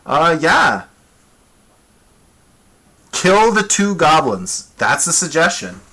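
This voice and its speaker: Man, game master, bright voice, casual, thinking aloud, dice rolls and rulings. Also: on the high side, sing-song, slow, husky. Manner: casual, chatty, self-amused. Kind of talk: live-streamed tabletop game narration.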